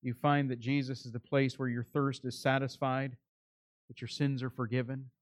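A man's voice: medium pitch, little pitch movement, normal speed, no echo. Earnest preacher man, dry close sound. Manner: earnest, pleading, builds to emphatic calls. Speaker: pastor. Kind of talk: sermon.

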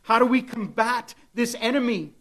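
A man's voice: very high voice, moderate pace, a bit bright. A man preaching a sermon with dramatic delivery, at times voicing the devil's taunts. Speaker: pastor.

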